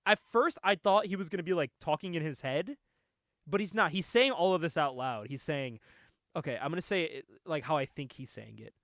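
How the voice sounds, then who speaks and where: Animated laughing male podcast host. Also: a little high, a little fast, no echo, studio quality. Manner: laughs often, animated and sarcastic. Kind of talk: casual comic book discussion.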